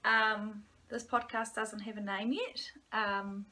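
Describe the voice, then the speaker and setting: A chatty New Zealand woman in her forties talks through her own podcast from home, her voice bright and a little sharp. She rambles freely, with plenty of ums along the way. Now and then she sinks into a hushed, almost whispered aside. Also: medium pitch, flat delivery, slow. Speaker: podcast host. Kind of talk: casual solo podcast chat.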